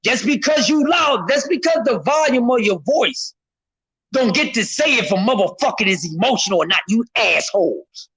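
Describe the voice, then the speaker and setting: Man streamer, very high bright voice, heated profane boxing rant, shouts a lot. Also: lively intonation, normal speed, slightly rough, poor audio. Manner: loud, profane, repetitive, often shouting; speaks to a chat member by name.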